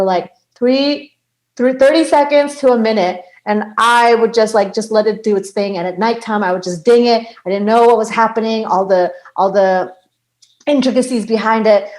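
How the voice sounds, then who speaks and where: A woman's voice: fairly high pitch, moderate pace, a little mellow, rough recording. Chatty, laughing woman guest in her thirties. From Bangladesh. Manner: chatty, laughs often, lots of "like". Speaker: podcast guest, sound healer. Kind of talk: casual conversation.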